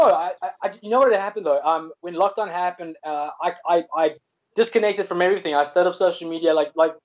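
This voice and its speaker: A comedian guest with a South African accent chats casually in a loose, rambling way, circling back, restarting sentences and swearing now and then. His voice sits a little high for a man, and the audio is dull and lo-fi.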